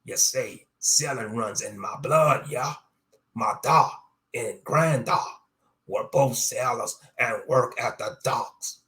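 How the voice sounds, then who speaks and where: A man's voice: medium pitch, slow pace, pushed and bright. A man voicing a boastful, murderous male pirate captain who taunts in sea-dog slang and chuckles as he talks.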